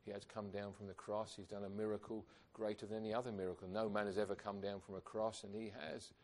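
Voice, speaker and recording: A man's voice: fairly low pitch, level tone, quick pace, darkish tone. A man preaching a sermon, earnest and emphatic, asking rhetorical questions of his congregation.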